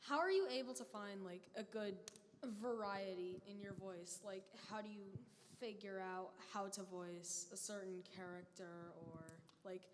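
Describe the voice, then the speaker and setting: A woman's voice: medium pitch, measured pace. A woman in the audience asking a question hesitantly, searching for her words. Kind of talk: convention Q&A. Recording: long hall reverb, faint noise.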